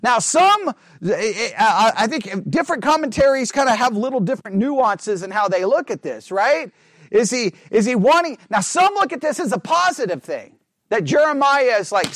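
A man's voice: extremely high pitch, sing-song, moderate pace, a bit bright, dry recording. A man leading a Bible study in a conversational way, thinking aloud, restarting his words and checking in with the group.

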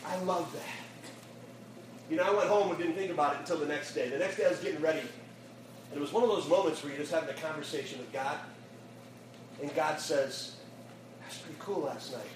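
A man, a youth pastor, telling a lively story in a sermon and acting out the voices, laughing as he goes, then closing in prayer. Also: fairly high pitch, brisk, long pauses. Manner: animated storyteller, acts out quotes, laughs often. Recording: echoey room, distant mic, audible noise.

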